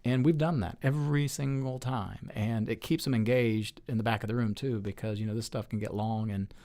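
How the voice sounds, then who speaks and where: A man in his forties talks as an interview guest, earnest and chatty, with a medium-pitched, everyday voice. He tells long stories, circling back with plenty of "you know"s and restarts. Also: fairly even intonation, a little fast, dark tone. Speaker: state lawmaker as guest. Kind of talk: casual storytelling interview.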